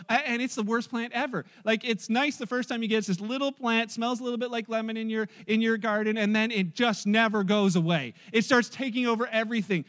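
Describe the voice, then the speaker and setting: A man's voice: extremely high pitch, fairly bright tone, big-room sound. A man preaching a sermon in a chatty storytelling way, acting out the lines of people in his anecdotes. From Canada. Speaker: pastor.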